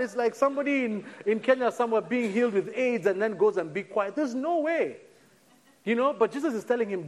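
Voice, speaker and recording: A male preacher with a high, bright voice delivers a sermon in a church hall. He sinks to a soft hush on key words and slows down for weight, then lifts his voice again. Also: expressive. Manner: preaching with dramatic drops to a near hush and sudden lifts; slows right down on key phrases. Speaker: pastor.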